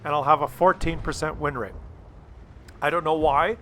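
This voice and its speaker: Excitable man hosting gameplay commentary. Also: a little high, normal speed, slight background noise. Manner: excitable, rambling and jokey. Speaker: gaming video host.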